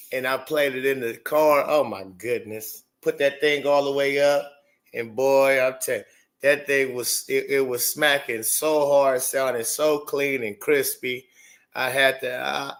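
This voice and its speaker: A man hosting a casual livestream, talking excitedly, repeating himself and stumbling over restarts as he breaks things down for viewers. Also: mid-range voice. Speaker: show host.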